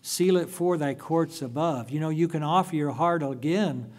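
A man playing an earnest young churchgoing woman who gently urges a stranger back to faith, in a softly pleading way. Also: on the high side, moderate pace, lightly acted. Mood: encouraging.

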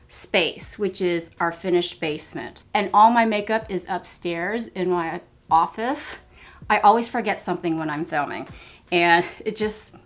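Chatty older woman vlogger. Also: medium pitch. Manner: chatty, self-deprecating, gushing over products. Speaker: beauty vlogger. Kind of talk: casual get-ready-with-me chat. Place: finished basement at home.

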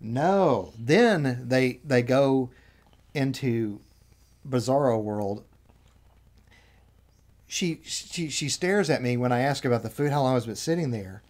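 A man telling an anecdote in casual chat, annoyed, animated, acting out what people said. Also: medium pitch, takes it slowly, long pauses. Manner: animated retelling, acts out quotes.

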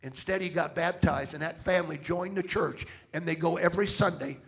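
A man with a high, gravelly voice preaches a sermon to a church congregation. He tells stories dramatically and keeps rallying the crowd with call-outs for an answer. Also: fairly quick. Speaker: travelling preacher. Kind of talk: sermon with storytelling and fundraising appeal. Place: church service.

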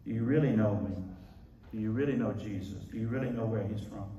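A male pastor preaching an animated sermon, his voice booming when he quotes scripture. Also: a little fast, lo-fi sound, slight background noise. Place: large church hall. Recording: echoey hall, voice from far off.

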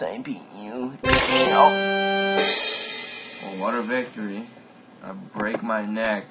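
A man casually commentating a game as he plays, excitable and quick to yelp and exclaim at what happens. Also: lowish voice. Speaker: gameplay commentator. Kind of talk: casual let's-play commentary. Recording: noisy home mic recording.

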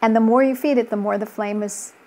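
A woman's voice: on the high side, steady tone, a little fast, a little mellow. A middle-aged woman speaking as a relationship coach in an interview, earnest and telling stories from her practice. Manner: earnest, storytelling with quoted voices. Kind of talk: conversational interview.

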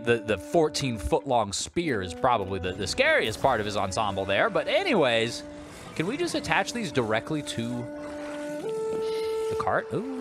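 A man hosting a let's play, giving chatty, animated commentary with joking asides while he plays. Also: mid-range voice. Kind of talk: video game commentary. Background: game music.

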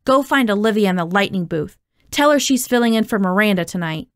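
A woman reading aloud voices an angry, short-tempered male drama teacher who shouts and snaps at the students. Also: medium pitch, animated, fairly quick, no echo, clean studio sound, close to an everyday voice. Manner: shouting, exasperated.

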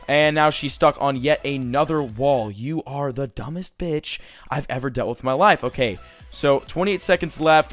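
A young man giving casual, excitable commentary over his own gameplay, swearing and growing frustrated as things go wrong. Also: mid-range voice. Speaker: gaming commentator.

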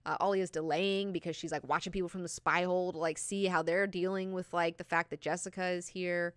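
A woman hosting a book club, talking casually and excitedly with lots of swearing and fillers. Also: lowish voice, fairly quick, clean tone, no echo, clean studio sound.

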